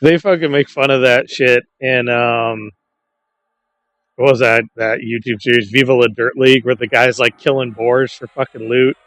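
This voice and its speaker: Dude gaming with friends, cussing a lot, chill storyteller, normal pitch. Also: male voice, steady tone, moderate pace, a bit bright. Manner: profane, laid-back storytelling. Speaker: gamer in a group. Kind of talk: casual voice chat while gaming.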